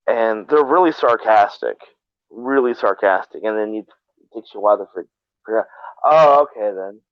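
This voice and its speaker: A man with a low voice hosts a live stream, rambling through casual, profane chat with many restarts. He talks a little fast, and the dry audio comes through a thin, phone-like line with no room sound.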